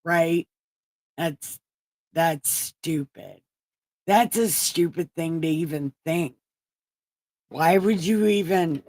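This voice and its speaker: A woman's voice: sits low, takes it slowly, long pauses, darkish tone, no echo. A woman hosting a show, retelling Bible stories in a casual, irreverent way with profane, sarcastic asides. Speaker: host reading scripture.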